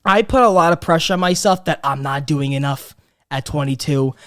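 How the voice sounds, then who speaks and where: A young man in his twenties chats on a comedy podcast. He swears freely and gets loud and animated as he acts out his family. His talk is quick and full of restarts. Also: a little high. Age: 20s. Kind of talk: casual podcast chat.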